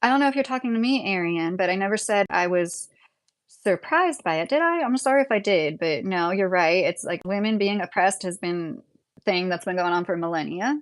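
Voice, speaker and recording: A woman's voice: mid-range voice, expressive, brisk. A woman in her late thirties hosting a live stream, talking casually and bluntly as she answers her chat. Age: 30s. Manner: opinionated, blunt, talks straight to commenters. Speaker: livestream host reading chat.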